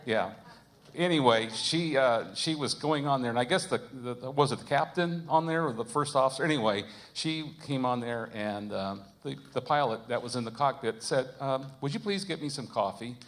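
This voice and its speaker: A man's voice: mid-range voice, normal speed, fairly bright tone. A man hosting a live concert, chatting in a rambling way with many fillers and chuckles. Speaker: concert host. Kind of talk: casual live emcee chat. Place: church concert.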